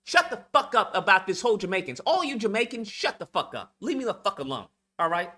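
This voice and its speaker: A man's voice: high-pitched, very animated, a little fast, bright, forceful tone. A man delivering a profane, confrontational rant to the camera for his video channel. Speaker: YouTube commentator. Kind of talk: ranting vlog monologue.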